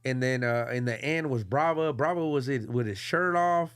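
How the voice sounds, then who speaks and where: A man hosting a casual podcast, telling a lively street story in heavy slang and acting out what people said. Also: medium pitch, moderate pace, smooth. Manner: animated, streetwise slang, acts out quotes. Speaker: podcast host.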